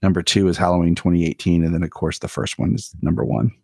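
Male podcast guest, low voice, dry sound, plain and matter-of-fact. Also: little pitch movement, quick pace, gravelly, dark tone, breathy edge, dry recording. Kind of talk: casual podcast chat.

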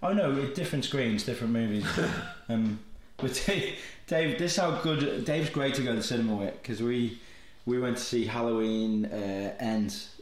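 A man's voice: medium pitch, normal speed, few pauses. A man hosting a movie podcast, casual and jokey, laughing often. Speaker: podcast host. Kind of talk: casual comedic chat. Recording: roomy echo.

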